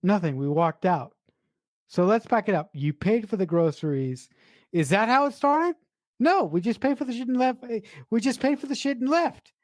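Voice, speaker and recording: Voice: mid-range voice, lively intonation, moderate pace, no room sound, studio quality. A podcast co-host enthusiastically retelling film scenes, with casual swearing. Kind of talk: casual movie review chat.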